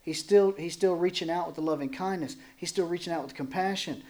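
This pastor talks fairly quickly, his voice a little raised, as he walks his congregation through scripture in a relaxed, conversational way. Animated throughout, he performs snippets of dialogue in different voices and jokes back and forth with the people in the pews.

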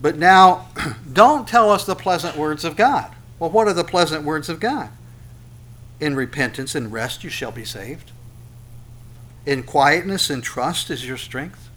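A man preaches a sermon in a church sanctuary. His voice sits a little high, and he keeps it animated, firing off rhetorical questions and repeating short phrases to drive them home. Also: measured pace, a little hiss or hum. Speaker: pastor.

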